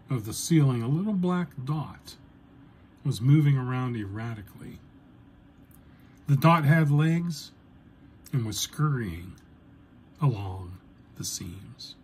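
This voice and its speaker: A man telling a first-person story in a deliberate, dryly humorous way. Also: medium pitch, a little mellow, slight background noise.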